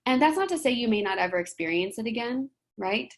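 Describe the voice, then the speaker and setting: A woman giving a motivational talk in a gentle, conversational way, often checking in with "right?". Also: a little high, animated, brisk. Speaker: presenter.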